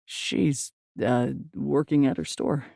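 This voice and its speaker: A woman narrator voicing a gentle, weary divorced father in an audiobook, speaking softly and hesitantly. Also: a bass voice, big pitch swings, normal speed, gravelly, no room sound, clean studio sound, full character voice. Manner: soft, hesitant. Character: gentle, weary divorced dad, adult man.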